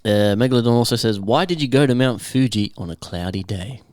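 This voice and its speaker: A man hosting a podcast in a relaxed way, chatting and reading out listener questions. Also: mid-range voice, a little fast, no room sound, studio quality. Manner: laid-back, reads listener questions. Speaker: podcast host. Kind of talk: casual podcast chat.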